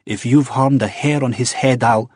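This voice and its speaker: A man reading aloud, voicing a haughty, defiant young woman with sharp, clipped retorts. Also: fairly low pitch, normal speed, breathy edge, dry recording, clean studio sound.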